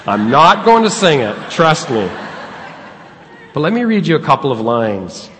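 A man's voice: mid-range voice, very animated, fairly bright tone, a little hiss or hum. Man preaching in a reverberant hall. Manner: earnest, conversational preaching with pauses. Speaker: pastor. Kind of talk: sermon.

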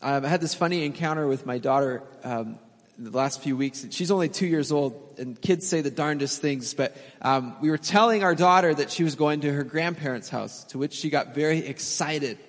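A man in his thirties preaching a sermon as pastor, telling stories in a relaxed, conversational way with fillers and small laughs. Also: fairly high pitch, normal speed. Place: church sanctuary. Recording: long hall reverb.

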